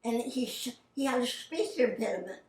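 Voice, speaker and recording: An older woman, a veteran voice actress, shares anecdotes in a chatty, casual way and acts out the people in her stories. Her voice sits a touch high. It is recorded from a distance in a roomy, echoing space. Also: animated, moderate pace, darkish tone. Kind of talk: casual storytelling.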